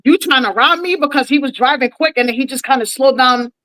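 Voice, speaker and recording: A woman's voice: sits high, quick pace, a bit bright, dry recording, low-quality recording. A woman co-hosting a casual podcast chat, talking in a blunt, streetwise way.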